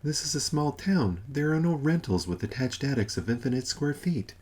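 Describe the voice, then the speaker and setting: Placating old mother figure, gently condescending, voiced by a male narrator. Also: medium pitch, very animated, normal speed, breathy edge, voice pushed up. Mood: cross. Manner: soothing, placating, mildly condescending. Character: elderly motherly wife, sweetly patronizing.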